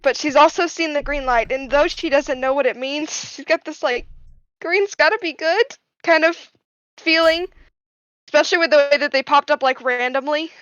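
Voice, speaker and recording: A woman player describing her character's actions, slow and hesitant. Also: high voice, fairly bright tone, no room sound, highs cut off.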